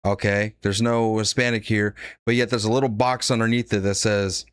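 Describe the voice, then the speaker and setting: A man's voice: lowish voice, level tone, normal speed, smooth, no room sound, studio quality. A man giving blunt, sarcastic live-stream commentary, reading out donations and laughing at his own jokes. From United States.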